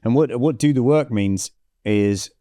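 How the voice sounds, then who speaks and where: A middle-aged business coach guesting on a podcast tells energetic stories in conversational interview style, acting out the dialogue and frequently restarting sentences. His mid-range voice moves a little slowly, in a dry, clean studio recording.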